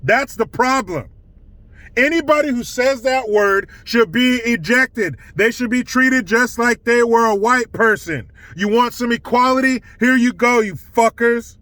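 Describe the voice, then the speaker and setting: A man's voice: very high voice, a little slow, bright, forceful tone, dry recording. A man hosting his own commentary channel, ranting bluntly and scornfully with plenty of profanity. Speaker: political commentary channel host.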